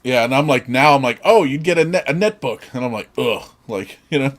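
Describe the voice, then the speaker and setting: A man's voice: medium pitch, expressive, fairly quick. A man co-hosting a podcast in casual chat, easygoing, swearing casually as he talks about old gadgets. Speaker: podcast co-host.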